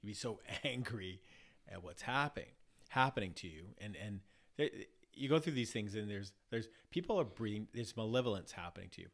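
A man's voice: on the low side, animated, a little fast, a bit bright. A man talking in a casual podcast conversation, reflective, often restarting and repeating words as he works through ideas. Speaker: podcast guest.

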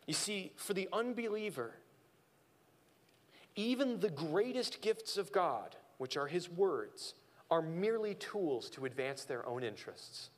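A male pastor preaching a sermon and acting out quoted voices in an animated way. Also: high voice, a little slow, in a large hall.

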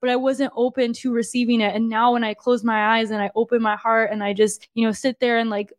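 A young woman, a podcast host and fitness coach, gives a personal testimony monologue in an earnest, confiding way, saying "like" often and calling her listeners "you guys." Her voice is slightly high and level, a little fast, recorded close and dry with no room sound.

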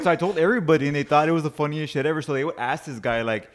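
Profane fast-talking man telling stories. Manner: rapid, profane storytelling, mimics a friend in a high voice. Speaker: podcast guest. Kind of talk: casual storytelling chat.

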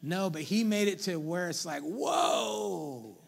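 A man's voice: high voice, normal speed. A man preaching a sermon as pastor, conversational and playful, calling out to the congregation.

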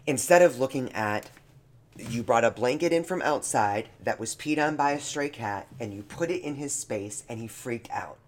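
Guy on a podcast, earnest and heartfelt, mid pitch, chatty. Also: moderate pace. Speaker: podcast co-host. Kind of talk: casual chat.

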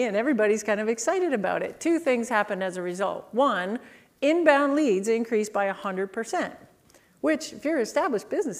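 Canadian woman, middle-aged, keynote speaker, lively anecdotal delivery, acts out quoted people. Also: a little high. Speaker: speaker on market positioning. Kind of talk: storytelling keynote talk.

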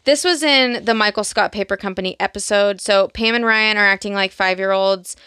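A woman's voice: medium pitch, a little fast, bright, forceful tone, clean tone, dry recording. A young woman co-hosting a podcast, casually retelling TV scenes with lots of "like" fillers. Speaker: podcast co-host. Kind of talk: casual chat.

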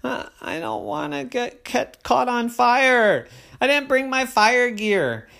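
An adult voicing an excitable, nervous little girl in a bedtime story, with a high, squealing voice. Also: slow, creaky, exaggerated voice. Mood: wondering. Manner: high, squealing, wide-eyed.

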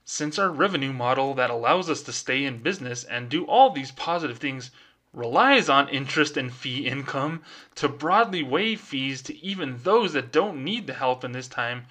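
A man's voice: mid-range voice, expressive, moderate pace, pushed and bright. A man putting on a polished, formal professional voice to play a corporate bank executive reading out a letter. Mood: formal, measured.

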